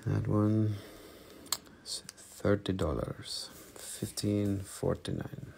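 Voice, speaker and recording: Playful man, Russian accent, selling crystals on a live stream, slow and unhurried. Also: fairly low pitch, fairly even intonation, gravelly, dark tone, a little hiss or hum. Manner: playful, broken English. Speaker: online crystal seller. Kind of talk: live-stream sales show.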